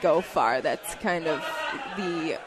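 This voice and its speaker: A woman's voice: sits low, takes it slowly, low-quality recording. Woman, young adult, news reporter, upbeat, laughs easily, casual chat, chatter in background.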